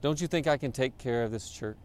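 A man voicing God as a gentle, reassuring presence asking quiet questions. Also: medium pitch, brisk, a little hiss or hum, lightly acted.

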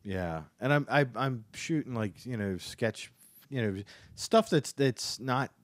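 A man's voice: lively intonation, takes it slowly, no echo. Comedian guy telling a story, cusses a lot, jumps way up for quotes, dry close sound. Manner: swears freely, acts out quotes with big pitch jumps. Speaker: stand-up comedian guest. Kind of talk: casual chat, animated storytelling.

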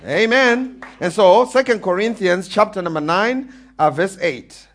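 A man preaching a sermon to a congregation, animated, calling for amens and building to emphatic peaks. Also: sits high, unhurried. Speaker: pastor.

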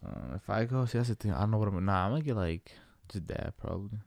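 A man speaks in a fairly low voice with short, easygoing replies that often trail off and restart. His voice sounds dry and close to the mic. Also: fast talker, gravelly, darkish tone, no echo. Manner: short, laid-back replies with hesitant restarts. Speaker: friend in conversation. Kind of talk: casual chat.

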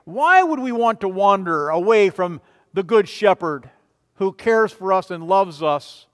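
A man preaching a sermon as a pastor, emphatic, swinging between loud declarations and quiet, low passages. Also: lively intonation, unhurried, long reverb tail. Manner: emphatic, rising and falling in volume.

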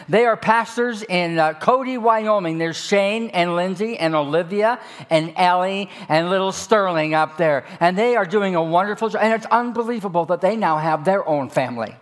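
A man in his sixties preaching a sermon with personal stories, folksy and joking with emphatic delivery. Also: high-pitched.

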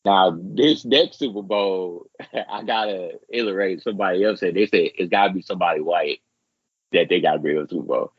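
A man co-hosting a podcast in casual chat, rambling and profane, jumping way up in pitch when he acts out what others said. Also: a little fast, slightly rough, no room sound. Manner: rambling, profane, animated quoting with big pitch jumps. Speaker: podcast co-host. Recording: muffled lo-fi podcast audio.

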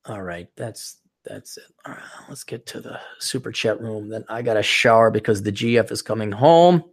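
A man in his forties hosting a casual solo podcast, rambling and profane, now and then mocking others in shrill put-on voices. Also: normal speed. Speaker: podcast host.

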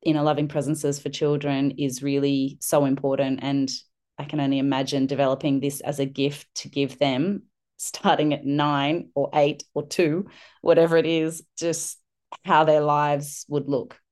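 As a podcast guest, a middle-aged woman who mentors parents shares a reflective, earnest story at a moderate pace, often using fillers and restarting. Her low, slightly mellow voice barely moves in pitch.

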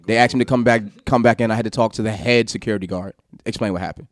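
Low-voiced man telling a wild story. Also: rapid-fire. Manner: animated, laughing, swearing, acts out quotes. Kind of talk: casual storytelling.

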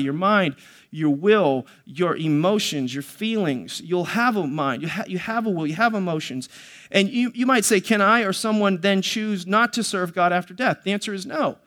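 A man's voice: high voice, fairly bright tone. A male pastor preaching a sermon, teaching earnestly with many fillers and restarts and reading scripture aloud.

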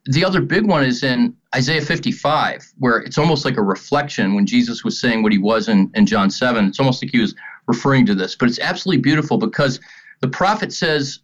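A middle-aged man speaking earnestly about faith, telling stories with animated, acted-out quotes. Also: medium pitch, fairly quick. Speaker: ministry guest speaker. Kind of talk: earnest spoken teaching on faith. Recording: dull lo-fi sound.

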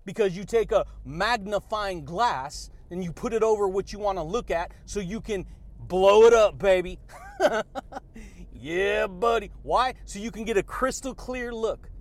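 A man hosting a motivational podcast who talks in an energetic, slangy way and laughs a lot. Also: high voice, unhurried. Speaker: podcast host. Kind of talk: motivational talk.

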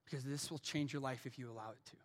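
A man preaching a sermon as pastor in a church, swinging from hushed lines to shouted peaks. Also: medium pitch, steady tone, fast talker, in a large hall. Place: church auditorium.

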